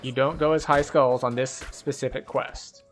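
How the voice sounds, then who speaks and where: A man's voice: medium pitch, fairly even intonation, moderate pace, faint music behind. A man streaming a game, giving casual, chatty and analytic commentary with frequent likes.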